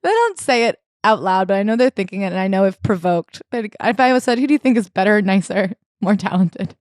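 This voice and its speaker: A woman co-hosting a casual book club podcast, animated and jokey, sometimes reading passages aloud. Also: medium pitch, brisk, dry recording, studio quality. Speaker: podcast co-host.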